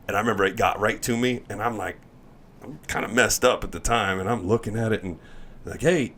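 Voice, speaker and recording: Male athlete guest, low voice, animated storyteller in casual chat, acts out quotes. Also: fairly quick, slight background noise. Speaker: guest, MLB pitcher.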